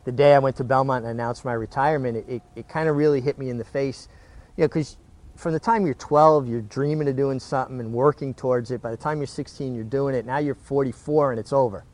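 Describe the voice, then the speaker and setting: A man's voice: medium pitch, fairly even intonation, quick pace, a little mellow. A middle-aged man, a retired jockey, recounting his career in a casual interview, earnest and prone to repeating words as he restarts.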